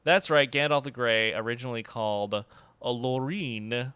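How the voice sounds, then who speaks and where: Lively, bright-voiced man chatting. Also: mid-range voice, normal speed, smooth, dry recording. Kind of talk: casual podcast chat.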